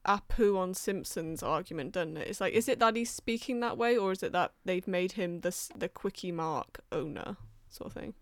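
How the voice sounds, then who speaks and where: A woman's voice: fairly low pitch, expressive, moderate pace, few pauses, no room sound, studio quality. A young woman in her twenties co-hosting a podcast, talking bluntly and swearing freely in casual chat. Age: 20s. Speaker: podcast co-host.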